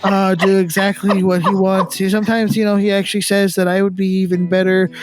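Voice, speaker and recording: A man playing a nervous male underling in a tabletop game, talking higher than his own voice. He rambles and hesitates, eager to please, over faint music. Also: flat delivery, brisk, natural voice. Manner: rambling, hesitant, full of fillers.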